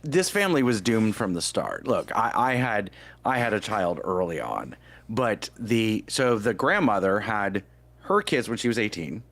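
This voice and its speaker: Male podcast co-host, wisecracking, lively up-and-down delivery. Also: on the low side, measured pace. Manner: wisecracking, argumentative. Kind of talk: casual banter.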